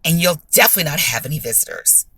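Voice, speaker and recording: A woman's voice: deep voice, animated, rapid-fire, bright, forceful tone, breathy edge, dry recording, pitched below the performer's own voice, heavily acted. A woman voicing a firm, no-nonsense former nun who speaks bluntly and admonishingly. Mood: stern.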